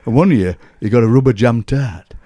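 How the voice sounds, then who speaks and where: A man's voice: medium pitch, fairly quick, dark tone. A man in his sixties with a Barnsley Yorkshire accent, a guest poet telling chatty anecdotes and chuckling through his stories. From Yorkshire, England. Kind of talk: anecdotal conversational storytelling.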